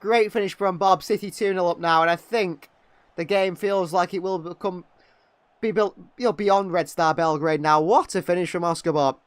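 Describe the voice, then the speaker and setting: A young man giving partisan live fan commentary on a match, excitable and quick to criticise players. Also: high voice, no echo. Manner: excitable, exclaiming at big moments, critical of players.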